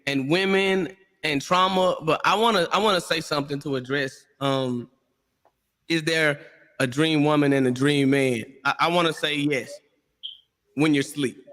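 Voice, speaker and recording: A man on a discussion panel, talking in an animated way and acting out voices in his stories. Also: a little high, moderate pace, big-room sound. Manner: animated storyteller, acts out quotes.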